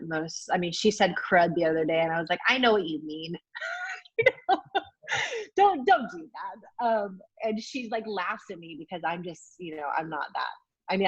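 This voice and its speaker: A woman's voice: fairly low pitch, dry recording. A woman in her forties, an athlete guest in a casual interview, talking candidly and enthusiastically with lots of fillers. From United States. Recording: dull, dry lo-fi call audio.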